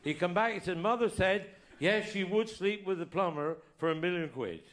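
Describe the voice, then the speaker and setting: A man telling crude stand-up jokes with lively delivery and laughter. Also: high-pitched, moderate pace. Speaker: stand-up comedian. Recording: roomy echo.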